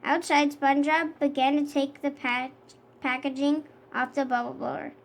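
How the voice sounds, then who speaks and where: Woman narrator, high voice, children's read-aloud, steady with small self-corrections. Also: normal speed, a little hiss or hum. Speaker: storybook reader.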